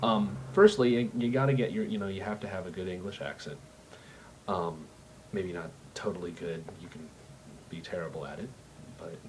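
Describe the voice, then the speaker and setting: Man, lowish voice, chatty tutor, lots of filler, faint room noise. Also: darkish tone. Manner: rambling, full of ums and restarts. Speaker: voice impression tutor. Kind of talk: casual how-to tutorial.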